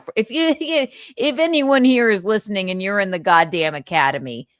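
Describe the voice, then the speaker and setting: A woman's voice: mid-range voice, normal speed, hardly any pauses, no room sound. A woman hosting a livestream, giving casual gossip commentary in a sarcastic, profane rant. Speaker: livestream host.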